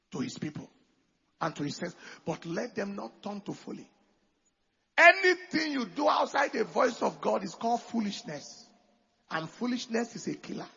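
High gravelly preacher man, lo-fi. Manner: preaching with call-and-response, swinging from quiet to loud. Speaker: pastor. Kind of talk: sermon.

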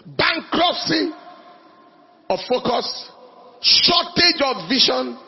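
A man preaching a sermon with passion, shouting scripture and drawing out his phrases. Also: high voice, animated, a little slow, creaky, dull audio.

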